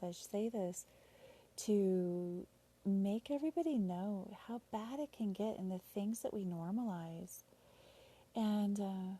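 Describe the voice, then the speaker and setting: A woman host telling a personal story in an emotional, halting way, sometimes dropping to a whisper. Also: medium pitch, dark tone. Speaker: podcast host sharing her story.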